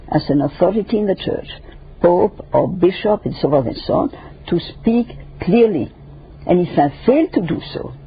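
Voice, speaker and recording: An older woman guest in an interview discussion, speaking emphatically and lecturing in numbered points with a raspy, gravelly voice. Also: on the low side, slight background noise. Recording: dull lo-fi radio recording.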